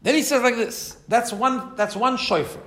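A man's voice: extremely high pitch, moderate pace, fairly bright tone. Man teaching a Torah text, echoey room. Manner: explains Hebrew text line by line, checks in with "right?". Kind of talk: text-based Torah class.

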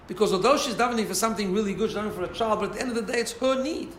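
A man teaching an informal Torah class, animated and asking listeners rhetorical questions. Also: high voice, racing, a little hiss or hum. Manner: animated, mixes Hebrew and Yiddish terms, asks listeners rhetorical questions. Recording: roomy echo, faint ambience.

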